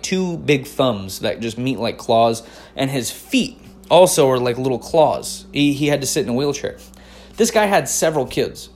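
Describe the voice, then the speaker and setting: A man in his forties hosts a podcast, telling stories in a casual, profane, slangy way and calling listeners "dude". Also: on the high side. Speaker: podcast host. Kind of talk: casual storytelling chat.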